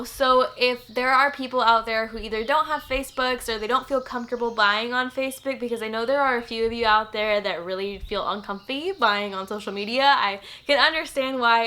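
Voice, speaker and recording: A woman's voice: a little high, bright, forceful tone. A young woman from Texas, chatting through a plant unboxing for her channel, teary and gushing, full of "like.". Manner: chatty, gushing, filler-heavy. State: teary and emotional. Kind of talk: casual unboxing vlog.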